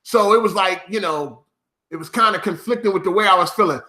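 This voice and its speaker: A man's voice: sits high, brisk, pushed and bright, roomy sound. A man ranting to his viewers as a gaming YouTuber, profane and mocking, often breaking into laughter.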